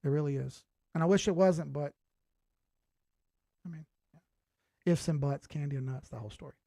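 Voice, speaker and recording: High-voiced laid-back man in his thirties. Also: normal speed, vocal fry, mellow, dry recording, clean studio sound. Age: 30s. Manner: laid-back, talks straight to viewers, swears casually. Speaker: crypto chart analyst and livestream host. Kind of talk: casual livestream chat.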